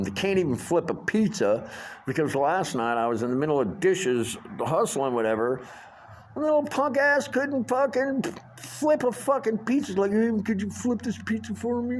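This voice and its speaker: A man's voice: medium pitch, slight background noise. A middle-aged man ranting casually and profanely about his restaurant job, rambling with many fillers. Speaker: vlogger. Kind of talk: casual rant monologue.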